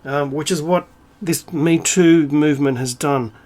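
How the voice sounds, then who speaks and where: A man's voice: on the high side, measured pace, darkish tone. A man giving a profane, sarcastic, indignant monologue to camera, full of rhetorical asides and "um"s. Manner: rhetorical asides and frequent fillers. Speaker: video creator.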